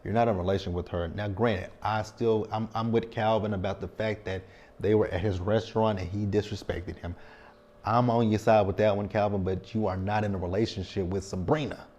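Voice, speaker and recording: A man in his thirties recaps a TV episode in a casual vlog, speaking frankly and checking in with tag questions. His voice is on the low side and darkish, with a steady tone and moderate pace.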